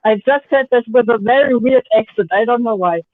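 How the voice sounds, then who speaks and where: A man's voice: very high-pitched, brisk, noisy background. A man from Germany, chatting hesitantly on a live stream with many fillers. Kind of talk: casual live-stream chat. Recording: thin phone-like call audio.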